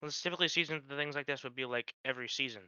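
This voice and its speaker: A man chatting jokingly as a podcast guest, trailing off softly at the ends of his thoughts. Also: mid-range voice, very fast, very noisy. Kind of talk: casual chat. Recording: dull lo-fi mic.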